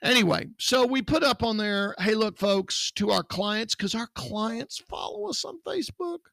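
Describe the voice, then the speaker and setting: Blunt gravelly high-voiced man. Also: animated, normal speed, fairly bright tone, no echo. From Texas. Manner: blunt, indignant, emphatic. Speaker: podcast co-host, security business owner. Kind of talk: casual opinionated chat.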